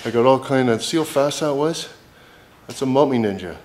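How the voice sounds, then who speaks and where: A man's voice: mid-range voice, animated, fairly quick, darkish tone. A young man with an ordinary mid-range voice rambles through a workshop job, cracking jokes and swearing constantly. A light hiss sits under his talk. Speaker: vlogger. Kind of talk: profane casual chat while working.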